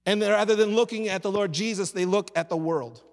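High-voiced pastor preaching in a reverberant church. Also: male voice, fairly quick. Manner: call-and-response preaching to a congregation. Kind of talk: sermon.

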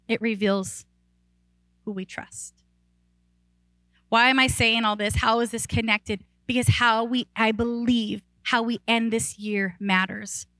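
A woman pastor preaching a sermon in a conversational, animated way, often saying "like" and restarting sentences, and rising in pitch and volume when excited. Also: no room sound, low-quality recording.

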